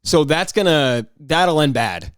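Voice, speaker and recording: A man hosting a solo podcast, rambling in a casual, excitable way with frequent restarts and mock outrage. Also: on the high side, slow, clean tone. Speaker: podcast host.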